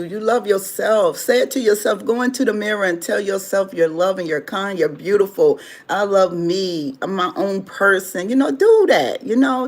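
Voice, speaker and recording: A livestream host chats casually with viewers. The speech is loose and rambling, full of repeated phrases and everyday advice. The tone stays conversational rather than scripted. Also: mid-range voice. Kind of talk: casual livestream talk answering viewer chat.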